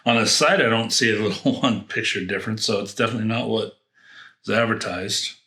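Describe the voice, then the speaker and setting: A man with a lowish but bright, forceful voice talks a little fast through a casual fragrance unboxing, rambling, thinking aloud and restarting sentences. The roomy space around him gives a clear echo.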